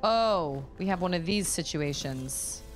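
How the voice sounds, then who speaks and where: A young woman streaming a video game, chatting casually and thinking out loud as she plays. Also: fairly low pitch, lively intonation, measured pace, faint music behind. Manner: chatty, musing aloud, reading chat. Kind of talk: casual gameplay commentary.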